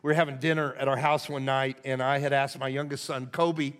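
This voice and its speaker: An older man, a lead pastor, preaching a sermon in a folksy, conversational way that swings from hushed to loud. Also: medium pitch, level tone, fairly quick. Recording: long hall reverb.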